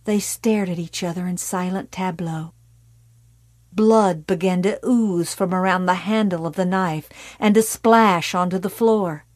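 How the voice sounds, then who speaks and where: A woman narrating an audiobook in a measured, dark storytelling manner that drops to a hush. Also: lowish voice, no echo.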